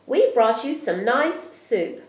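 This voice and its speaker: A woman voicing a calm, wise male friend in a storybook, speaking slowly and gently. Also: on the high side, pitched above the performer's own voice. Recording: roomy echo.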